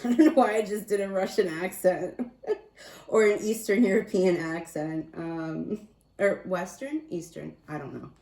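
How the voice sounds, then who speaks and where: Low-voiced woman giving a rambling card reading. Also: a little slow, warm tone. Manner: meandering, chatty, self-amused. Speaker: tarot and oracle card reader. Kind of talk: casual spiritual card reading. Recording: roomy echo, distant mic.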